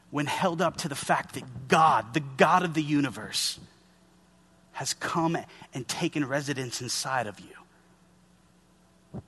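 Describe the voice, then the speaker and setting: A man's voice: a little high, a bit bright, breathy edge. A man in his thirties preaching a sermon in an earnest, conversational way, speaking to his listeners as guys. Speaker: pastor.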